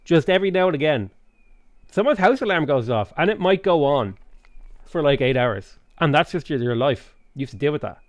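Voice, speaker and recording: A man's voice: on the high side, expressive, a little fast, dry recording, dull audio. Irish man chatting loosely while gaming. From Ireland. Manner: rambling, swears freely, reads chat aloud. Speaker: streamer. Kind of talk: casual chat while playing a strategy game.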